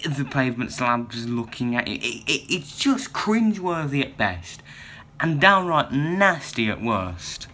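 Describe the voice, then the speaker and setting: A man's voice: medium pitch, big pitch swings, a little slow, bright, forceful tone, slight background noise. A young man giving a casual, meandering video review, with lots of restarts and "you know" fillers.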